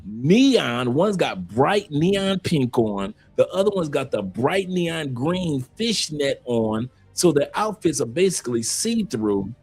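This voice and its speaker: A man from Detroit, a guest in a casual live chat, telling stories in an animated way and laughing often. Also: on the high side, slow pace, hardly any pauses, slightly rough, soft background music. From Detroit, USA.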